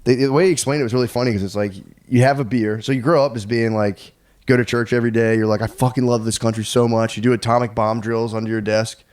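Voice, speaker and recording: A man's voice: medium pitch, fairly even intonation, quick pace, darkish tone. A man co-hosting a podcast, telling a story in a loose, profane, rambling way. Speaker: podcast co-host. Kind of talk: casual chat.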